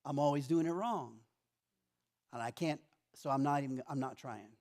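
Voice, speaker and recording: A man's voice: medium pitch, normal speed, darkish tone. A middle-aged man preaching a sermon in a church, telling stories conversationally and acting out his own complaints. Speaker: pastor.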